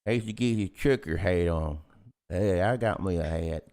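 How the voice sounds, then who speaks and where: A man voicing a rowdy, crude Southern redneck with a loud drawling Southern accent, playful and teasing. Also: sits low, moderate pace.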